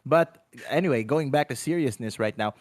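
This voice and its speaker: Excitable male esports caster, dry close mic. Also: medium pitch, moderate pace, no echo. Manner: excitable, joking, rhetorical questions. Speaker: shoutcaster. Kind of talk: esports play-by-play commentary.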